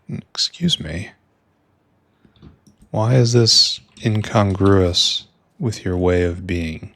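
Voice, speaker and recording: Playing a video game, a streamer with a low, deep, gravelly voice speaks slowly in a casual let's-play, rambling and thinking aloud. He drops wry asides and often slips into quiet mutters to himself. The recording is dry and close-miked.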